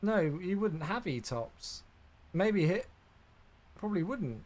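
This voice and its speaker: This young man streams a flight simulator live, chatting easily, reacting aloud and responding to viewers as he flies. He has a high, sing-song voice with a slightly dark tone, and he speaks slowly.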